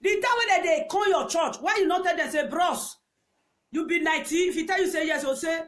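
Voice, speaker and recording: A woman with a Nigerian accent ranting in angry commentary, scolding and repeating herself, with sudden shouts and laughs. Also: very high-pitched, a little fast.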